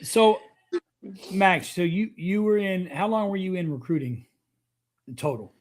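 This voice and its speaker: A man's voice: high voice, lively intonation, measured pace. A man co-hosting a podcast, asking the guest casual questions. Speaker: podcast co-host. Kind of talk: casual chat.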